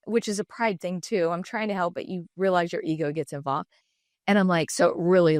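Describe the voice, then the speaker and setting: A woman's voice: on the low side, a little fast, no echo. Middle-aged woman, podcast guest, candid storyteller, dry close sound. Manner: animated, acts out quoted dialogue in shifting voices. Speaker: podcast guest, designer and entrepreneur.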